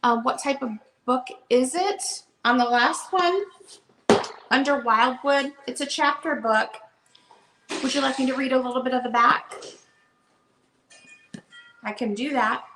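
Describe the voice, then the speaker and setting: Woman, casual chatty seller, somewhat high-pitched, unhurried, echoey room. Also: background noise. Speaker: online bookseller. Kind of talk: live sale chat. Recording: roomy echo.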